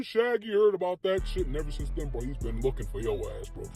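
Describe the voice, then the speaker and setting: A man's voice: high-pitched, animated, brisk, breathy edge, dry recording, faint music behind. A man telling a comic street story in a loose, slangy way, laughing as he goes. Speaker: comedian telling a skit.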